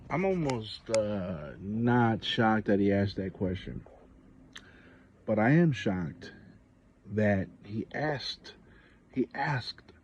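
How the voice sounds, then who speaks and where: A man's voice: fairly low pitch, lively intonation, takes it slowly, darkish tone, muffled recording, a little hiss or hum. A man, a parent, talking to his viewers in a casual vlog monologue, telling a story with exasperated, indignant emphasis. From Samoa. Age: adult parent. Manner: frequent fillers and restarts, conversational. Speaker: channel host.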